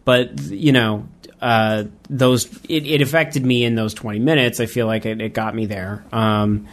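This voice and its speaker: A man co-hosting a casual podcast, giving blunt opinions on a film and retelling scenes with lively acted-out quotes. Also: lowish voice, measured pace. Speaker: podcast co-host. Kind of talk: casual film review chat.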